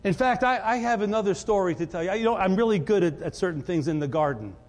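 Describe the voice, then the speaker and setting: A man preaching a sermon as pastor, animated and conversational, often repeating words as he builds up. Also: high voice, quick pace. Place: church. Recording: church hall reverb.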